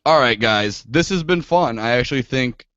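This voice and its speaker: A man's voice: mid-range voice, lively intonation, moderate pace, a bit bright, no echo, muffled recording. Chatty male podcast host, dry sound. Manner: chatty, filler-heavy, laughs easily. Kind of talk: casual podcast chat.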